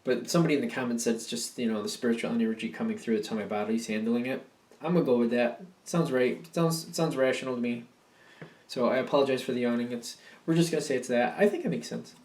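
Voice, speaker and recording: Speaking quickly in a medium-pitched, slightly mellow voice, a man rambles through a casual tarot reading, full of fillers and repeating himself. He yawns and seems a bit sleepy, and the mic is far off, so the sound is roomy.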